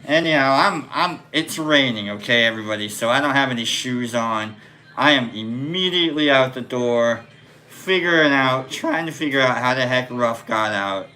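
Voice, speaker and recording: Bright-voiced man telling a lively story. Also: mid-range voice, moderate pace. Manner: animated, acts out quoted voices. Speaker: podcast host. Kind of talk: casual storytelling chat.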